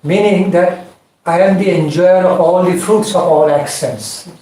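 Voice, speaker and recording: A man teaching a scripture class, explaining points in measured, repeated phrases and chanting Sanskrit verses. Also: sits high, warm tone. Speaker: spiritual teacher. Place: indoor class room. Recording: echoey room, distant mic, faint noise.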